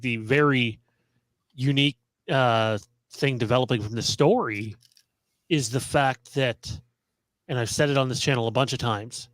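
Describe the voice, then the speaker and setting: A man's voice: mid-range voice, dry recording. A man co-hosting a podcast, talking bluntly and opinionated in casual chat. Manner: opinionated, blunt, swears freely. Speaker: podcast co-host.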